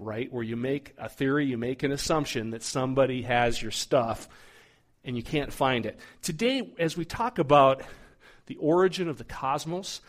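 A middle-aged man preaching a sermon, telling a story in a conversational, animated way as the pastor. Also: medium pitch.

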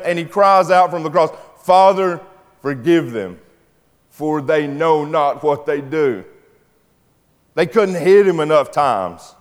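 A man preaching a sermon as pastor, swinging between rising intensity and quiet emphatic drops. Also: a little high. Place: church sanctuary. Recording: long church hall reverb.

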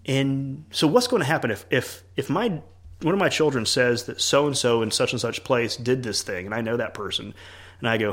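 A man's voice: mid-range voice, lively intonation, moderate pace, a bit bright. A man who is a church leader and parent, talking earnestly in a casual podcast conversation and acting out quoted dialogue.

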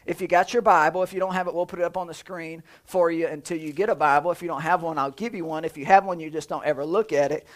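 Man preaching with lively delivery. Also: a little high, fast, few pauses. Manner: lively, conversational preaching with jokes and sound effects. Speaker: pastor. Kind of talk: sermon.

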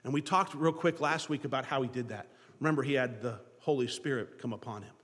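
A man preaching a sermon, lively, acting out the voices of biblical figures to his congregation. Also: mid-range voice, quick pace, long reverb tail. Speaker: pastor.

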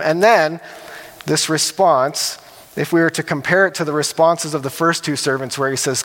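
A man preaches in a relaxed, conversational way, checking in with his listeners as he talks. His voice sits slightly high for a man. A long reverb trails each phrase, as in a large hall. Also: normal speed. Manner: conversational, asks "right?" often. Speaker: pastor. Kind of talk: sermon.

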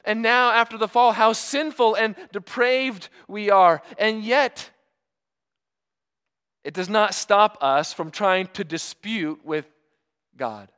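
A man with a notably high voice preaches a sermon. He builds his points through rhetorical questions, pressing each one home with earnest emphasis and drawn-out pauses before key words. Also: sharp tone, clean tone.

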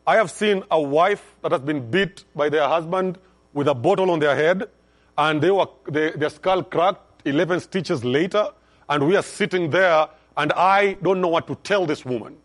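A middle-aged male pastor preaching a sermon, calling on the congregation to respond and swinging between hushed and loud emphasis. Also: a little high, moderate pace.

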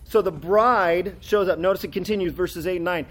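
Speaking at normal speed with hardly any pauses, a man with a high-sitting voice preaches. He reads scripture aloud, growing in fervor, and explains it in a conversational, expository way full of tag questions.

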